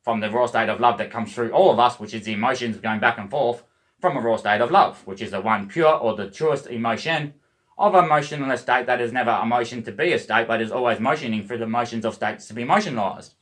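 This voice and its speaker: A man's voice: mid-range voice, a little fast, fairly bright tone. An Australian man rambling to camera, swearing constantly and spinning loose wordplay about emotion and love, often calling out to "boys". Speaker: vlogger.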